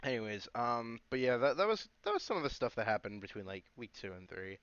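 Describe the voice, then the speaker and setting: A man's voice: mid-range voice, lively intonation, fast, fairly bright tone, clear, resonant tone, no room sound. A man chatting casually on a podcast, laid-back, throwing in short agreements and slang. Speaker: podcast co-host. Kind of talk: casual chat. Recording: dull, muffled lo-fi mic.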